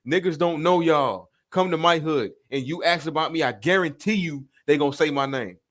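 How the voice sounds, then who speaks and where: A man's voice: a little high, normal speed, a bit bright. A man hosting a reaction video, confrontational and profane, calling people out in a heated rant.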